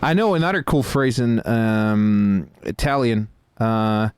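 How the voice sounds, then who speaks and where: A man hosting a livestream, chatting casually while playing a game, easily distracted and excitable. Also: lowish voice, slow, clear, resonant tone. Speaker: stream host playing a game.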